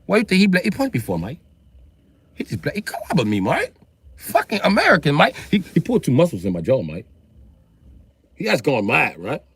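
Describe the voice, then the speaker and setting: A man doing a whiny British executive who has just been clobbered, complaining in a raised, bright voice. The pitch climbs and swings as he grumbles about his attacker, aggrieved and indignant throughout. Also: wildly swooping pitch, brisk, long pauses, husky, heavily acted.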